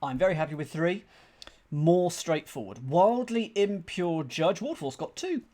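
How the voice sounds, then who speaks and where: A man streaming a crossword solve, thinking aloud in a chatty, self-deprecating way and reading clues out slowly. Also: a little high, animated, mellow. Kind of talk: casual thinking-aloud commentary.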